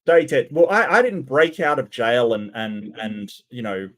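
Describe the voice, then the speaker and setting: A man's voice: medium pitch, sing-song, a little slow, fairly bright tone. A man doing sarcastic, incredulous commentary as host of his channel. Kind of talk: mocking commentary on clips.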